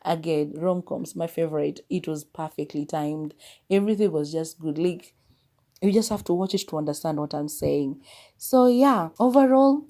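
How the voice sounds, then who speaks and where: A woman's voice: low-pitched, normal speed, dark tone. A woman hosting a podcast, giving a chatty, rambling movie review and often correcting herself. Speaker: podcast host. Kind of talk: casual movie review monologue.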